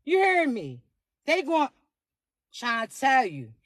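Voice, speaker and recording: High-pitched raspy woman giving a casual reading. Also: wildly swooping pitch, slow, fairly bright tone. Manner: slangy, emphatic, repeats "you heard me". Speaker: spiritual card reader. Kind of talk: casual spiritual reading to camera.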